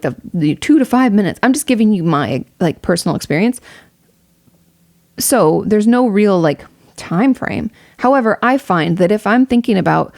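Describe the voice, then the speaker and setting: A woman's voice: medium pitch, creaky, darkish tone, dry recording, clean studio sound. A young woman streamer giving casual, candid advice to a viewer, rambling with fillers and swearing freely. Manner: rambling with many fillers and restarts. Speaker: streamer answering a viewer question.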